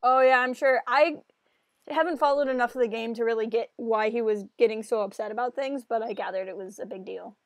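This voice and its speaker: A woman's voice: on the high side, steady tone, brisk, no echo. A woman live-streaming a game, chatting casually and self-mockingly with her viewers and laughing often.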